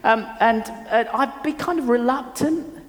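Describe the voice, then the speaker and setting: A man's voice: very high voice, unhurried, big-room sound. An older man, a pastor, preaching an earnest sermon and telling stories from his own life. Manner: earnest, storytelling, with frequent restarts.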